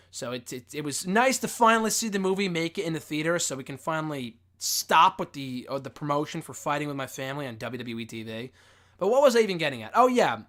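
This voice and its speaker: A man's voice: fairly high pitch, a bit bright. A man getting over a cold gives a casual, rambling film review as a wrestling show host, swearing freely and full of fillers. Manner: rambling, profane, lots of fillers and restarts. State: recovering from a cold.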